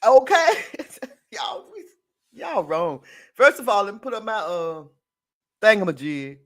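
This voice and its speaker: A man's voice: high-pitched, sing-song, a little slow, a bit bright. A man hosting a casual live-stream talk show, reading news aloud and tossing in sassy asides to listeners he calls girl and honey. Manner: chatty, laughs often, addresses the audience as y'all.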